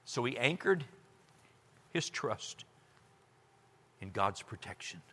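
A man preaching a sermon as a pastor, moving from loud cries to hushed whispers. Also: mid-range voice, sing-song, slow pace, slightly rough. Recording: long hall reverb.

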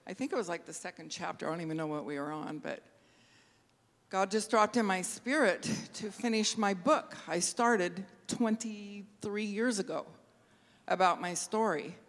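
Emotional woman in an echoing hall. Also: medium pitch. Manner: halting, laughs and tears up while speaking. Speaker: church member giving testimony. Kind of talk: emotional personal testimony. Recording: long reverb of a large hall.

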